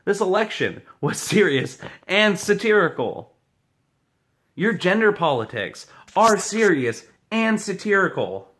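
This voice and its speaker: A man's voice: high voice, bright, forceful tone. A man delivering a heated, profane political rant to camera as a vlogger, combative and blunt.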